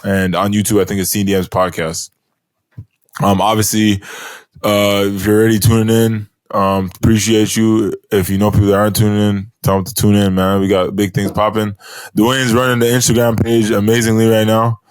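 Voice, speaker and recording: Low-voiced laid-back podcast host man. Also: flat delivery, a little fast, clean tone, no echo. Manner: laid-back, many fillers. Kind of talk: casual chat.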